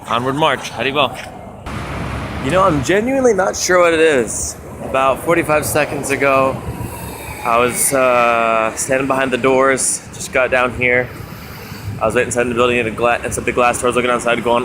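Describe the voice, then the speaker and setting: A young man talking casually and cheerfully to a handheld camera outdoors, chatty and animated as he recounts his day. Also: mid-range voice, moderate pace. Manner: upbeat, chatty, animated retelling with raised acted quotes. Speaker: street book distributor. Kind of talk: casual vlog monologue. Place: outdoors on a foggy city street. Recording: street noise behind. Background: city traffic and street ambience.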